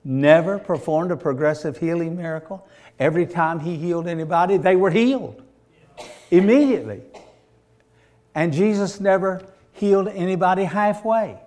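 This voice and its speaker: Male preacher, storytelling sermon, animated delivery, slightly high register. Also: moderate pace. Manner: animated, acts out voices and shouts.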